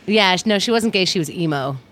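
A woman's voice: on the low side, lively intonation, quick pace, a bit bright. Blunt chatty woman. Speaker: podcast co-host. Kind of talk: casual chat.

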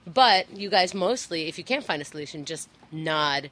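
Female podcast co-host, fairly low-pitched, blunt and argumentative in casual chat. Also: animated, a bit bright. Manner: blunt, sarcastic, quick to argue. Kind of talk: casual crude banter.

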